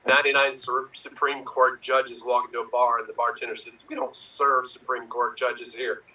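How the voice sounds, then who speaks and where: A man rattling off pun jokes in an online improv game, quick setup and flat punchline. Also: mid-range voice. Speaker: improv performer. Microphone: video call. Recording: roomy, distant, faint noise.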